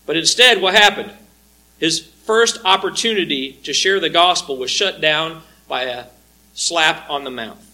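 A man preaching an expository sermon, reading scripture aloud and explaining it with earnest, measured emphasis. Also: a little high, bright, forceful tone, rough recording.

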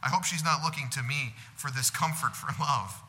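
A male pastor preaching a sermon, earnest, growing loud on some phrases and dropping soft on others. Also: medium pitch, normal speed. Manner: earnest preaching, swells louder on God's love and drops soft on comfort. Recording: echoing hall.

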